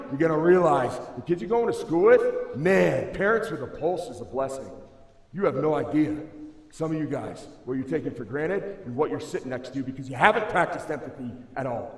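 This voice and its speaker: Young male motivational speaker, slightly high voice, slangy and emphatic, booming reverb of a big hall. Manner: casual and slangy, calls listeners bro and dude; emphatic, swings between loud and hushed. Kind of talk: motivational school assembly speech. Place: large school assembly hall. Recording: echoey hall, long reverb.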